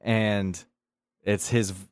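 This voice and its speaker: A man's voice: fairly low pitch, flat delivery, takes it slowly, clear, resonant tone. A man hosting a podcast in casual chat, rambling and laughing as he talks. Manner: rambling, laughing film talk. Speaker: podcast host.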